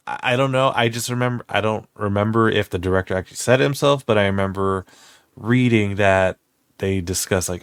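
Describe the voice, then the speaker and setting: A man's voice: lowish voice, brisk, smooth, no room sound, studio quality. A man in his thirties chatting casually as a co-host, telling stories animatedly with a lot of swearing and laughter. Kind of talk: casual chat.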